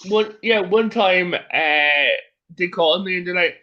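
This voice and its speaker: A man's voice: high-pitched, measured pace. A man co-hosting a podcast, telling anecdotes in casual chat. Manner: storytelling, mimics callers. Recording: dull lo-fi sound.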